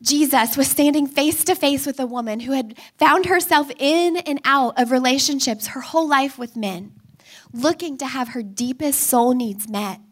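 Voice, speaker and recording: A woman in her thirties delivers a sermon in a high voice. She talks in a casual, story-driven way and acts out family scenes with rising energy. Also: moderate pace. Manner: animated storytelling, acting out a child and her own pleading. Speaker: speaker.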